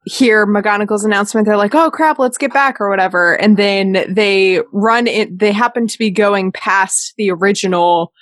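A woman's voice: medium pitch, fairly even intonation, normal speed, hardly any pauses, a bit bright, dry recording. A woman co-hosting a podcast in a casual chat, rambling with lots of fillers and frequent giggles. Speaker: podcast co-host.

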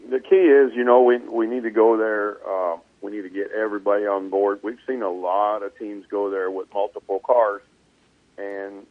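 Over a tinny, dry phone line, a male race car driver who also owns a team calmly lays out his plans in a casual interview. His voice sits on the low side, relaxed and measured, with frequent ums and uhs and no room sound.

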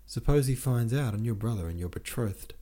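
A man voicing a stern, scolding older woman with a rough voice in an audiobook. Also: mid-range voice, lively intonation, brisk, mellow, voice pushed up, close to an everyday voice.

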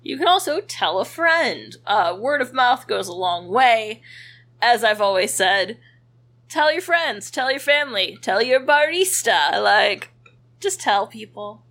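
A woman's voice: on the high side, lively intonation, unhurried, fairly bright tone. Playful teasing female podcast co-host. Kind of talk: casual chat.

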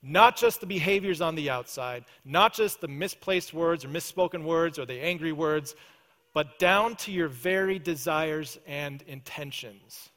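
A male pastor preaching a sermon, earnest, often dropping to a soft, intense prayer voice. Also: on the high side, a little slow. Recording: church hall reverb.

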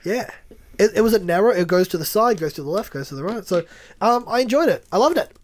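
High-voiced man, lively chat. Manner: loose, halting explanations with fillers. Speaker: podcast co-host. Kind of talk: casual chat.

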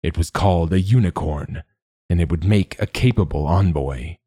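Man voicing a rasping ancient machine god. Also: low-pitched, normal speed, mellow, no room sound, clean studio sound. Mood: solemn. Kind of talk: audiobook narration.

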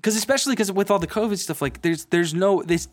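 A man casually retelling a reality show, with animated storytelling and mocking impressions of the people he quotes. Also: sits high, quick pace, no room sound. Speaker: podcast co-host.

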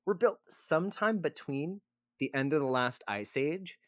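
A man's voice: a little high, animated, measured pace, no echo, studio quality. A man co-hosting a casual podcast, rambling and self-deprecating as he explains history. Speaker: podcast co-host.

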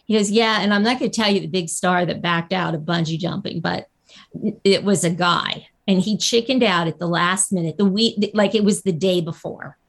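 A woman guest telling a lively anecdote in a casual interview, acting out the people she quotes. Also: lowish voice, normal speed, vocal fry. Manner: animated storyteller, acts out quotes. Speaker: guest actress.

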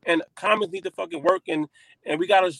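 A man who is a comedian, telling stories in animated casual chat with plenty of swearing. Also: high-pitched, fast, vocal fry, no room sound. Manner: animated storytelling with frequent profanity.

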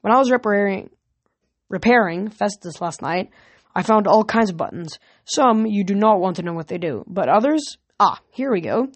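A woman reading the part of a cocky, joking teenage boy mechanic, in a quick breezy manner. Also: mid-range voice, expressive, dry recording.

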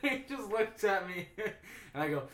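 Animated young man telling stories, laughing. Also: sits high, unhurried, reverberant. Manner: animated storyteller, laughs often. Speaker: friend on a trip. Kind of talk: casual chat.

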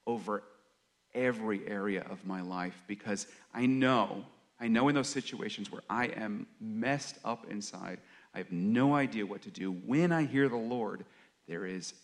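Earnest man preaching in a low voice. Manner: halting, with many pauses and fillers; earnest, confessional. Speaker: worship leader or preacher. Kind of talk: reflective sermon talk.

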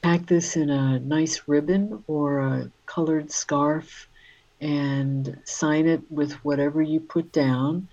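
Slow-talking chatty woman author. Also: deep voice, steady tone, darkish tone, lo-fi sound. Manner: rambling, chatty, with many fillers. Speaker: author guest. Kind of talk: casual interview chat.

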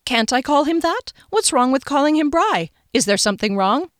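A woman's voice: sits high, sing-song, moderate pace, dry recording, studio quality, voice pushed up. A woman voicing a female flute teacher who talks casually and sounds puzzled.

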